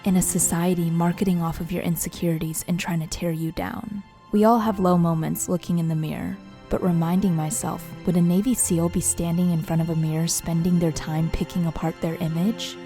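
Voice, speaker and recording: A young woman narrating her own video in a calm, earnest, measured voice-over. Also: fairly low pitch, soft background music. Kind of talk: reflective scripted voice-over.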